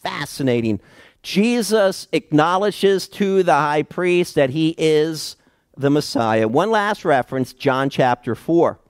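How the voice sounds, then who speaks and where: A male pastor delivers a sermon in an unhurried, deliberate cadence. His voice sits a little high for a man. The sound is dry and close, and he stresses each key word with measured pauses. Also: expressive, no echo. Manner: slow, emphatic Bible exposition with dramatic pauses.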